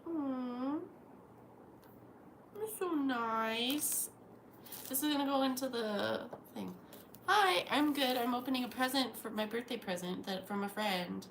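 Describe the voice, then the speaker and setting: A woman's voice: high-pitched, a little slow, a bit bright, echoey room. A young woman live-streaming a casual unboxing from home, gasping and gushing with delight as she talks to her viewers. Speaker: livestreamer. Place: home at night. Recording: noisy home stream audio.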